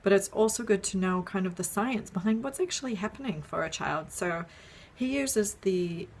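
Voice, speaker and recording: A parenting educator in a casual explainer video talks through an idea step by step, friendly and relaxed, often asking "right?" and filling pauses with "um." Her pitch is mid-range for a woman, with a faint hiss beneath her voice.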